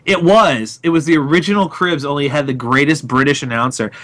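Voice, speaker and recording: A man's voice: a little high, brisk, fairly bright tone. A man in his twenties hosting a casual chat show, talkative and laughing often. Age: 20s. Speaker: podcast host.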